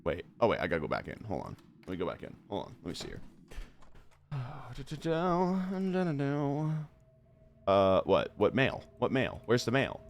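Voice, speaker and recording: A young man streaming a horror game live, rambling off on tangents with frequent swearing and laughter, and reading the on-screen text aloud quickly. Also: medium pitch, wildly swooping pitch, gravelly, a little hiss or hum. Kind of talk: live gameplay commentary.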